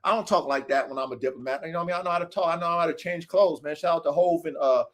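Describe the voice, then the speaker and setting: A man's voice: on the high side, racing, fairly bright tone. A man hosting his own show, talking unscripted to viewers in an aggressive, profane, preachy street style. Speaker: show host.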